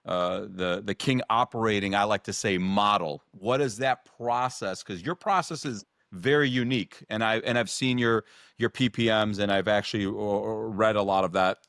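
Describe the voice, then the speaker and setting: A man hosting an interview, asking questions in a halting way with many fillers. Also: lowish voice, a bit bright, dry recording, studio quality. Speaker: interview host.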